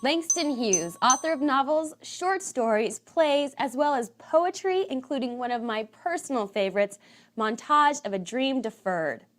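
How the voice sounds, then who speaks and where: A woman hosting a comic quiz show in a brisk, exasperated way. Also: high-pitched, lively intonation.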